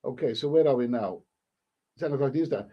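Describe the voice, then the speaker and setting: A man's voice: mid-range voice, brisk, highs cut off. Chatty man reading a tale aloud. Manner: chatty, breaks off a story to answer the chat. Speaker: live stream host. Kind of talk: casual reading aloud to a live chat.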